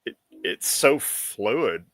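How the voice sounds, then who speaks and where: A man's voice: mid-range voice, very animated, very slow, a bit bright, no room sound. A man as a podcast guest, musing aloud in a thoughtful, self-doubting way that trails off and restarts. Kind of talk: casual podcast chat.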